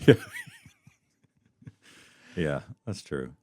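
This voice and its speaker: A man's voice: extremely low pitch, expressive, very slow, darkish tone, dry recording, studio quality. A man hosting a podcast in casual chat, rambling and laughing often, his sentences trailing off. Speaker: podcast host.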